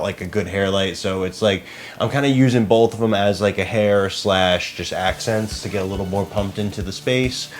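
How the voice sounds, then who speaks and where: A young man talking casually and self-deprecatingly to himself as he sets up lights and cameras in a small apartment. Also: lowish voice. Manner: chatty, self-deprecating, muttering to himself while working. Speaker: podcast co-host making a behind-the-scenes video. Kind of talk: casual behind-the-scenes vlog. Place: small apartment set up as a studio.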